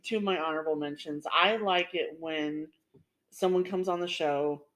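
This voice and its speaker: A woman with a somewhat low voice chats casually on a podcast. She tells stories in a rambling way, full of fillers and restarts. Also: steady tone, moderate pace, fairly bright tone, rough recording. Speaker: podcast co-host. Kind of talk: casual chat.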